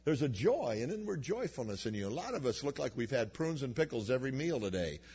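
With big pitch swings and a quick pace, a male preacher tells personal stories in a folksy, humorous sermon to a church congregation. His voice is medium-pitched, a little mellow, with a breathy edge. The recording is dull and lo-fi.

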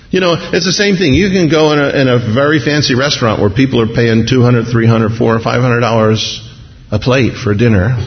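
A man preaching a sermon, telling the story in a lively way and acting out what people in it say. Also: mid-range voice. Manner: animated storytelling, acting out crowd voices. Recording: dull sound in a large reverberant hall.

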